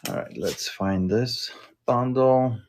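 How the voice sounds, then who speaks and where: Man, live-stream seller, unhurried drawl, casual chatty delivery, indoor shop. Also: mid-range voice, sing-song, slight background noise. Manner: chatty, unhurried, thinks aloud. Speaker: live sale host.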